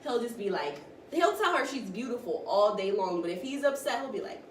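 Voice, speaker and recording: A woman co-hosting a casual podcast chat, telling stories in an animated way and often laughing. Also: on the high side, a little fast, hardly any pauses. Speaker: podcast co-host. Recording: roomy, distant mic, faint noise.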